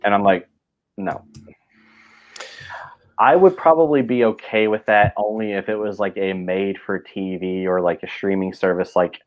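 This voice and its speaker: A man's voice: fairly low pitch, normal speed, hardly any pauses. Rambling man with dull lo-fi sound. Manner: rambling, full of fillers and restarts. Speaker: podcast host. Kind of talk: casual chat.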